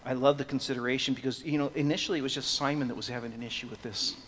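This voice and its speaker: A man preaching an expository sermon, swinging from hushed, slow passages to loud, emphatic ones. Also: mid-range voice, fairly even intonation, big-room sound, a little hiss or hum. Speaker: pastor.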